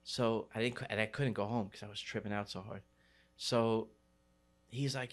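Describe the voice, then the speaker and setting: A man's voice: fairly low pitch, steady tone, normal speed. A middle-aged man from New City, telling his story in an interview with street slang and many fillers. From New York City. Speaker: graffiti writer.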